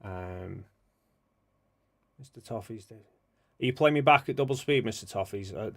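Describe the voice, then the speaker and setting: Gravelly low-voiced man, muttering. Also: a little slow, long pauses. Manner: mutters quietly to himself while sorting photos, then speaks up to viewers. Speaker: livestream host. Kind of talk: casual livestream chat, thinking aloud.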